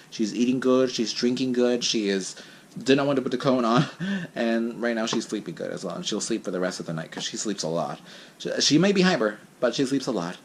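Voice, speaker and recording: A man's voice: medium pitch, a little hiss or hum. Chatty young man vlogging at home. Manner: chatty and dramatic, with restarts and laughs. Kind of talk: casual vlog talk.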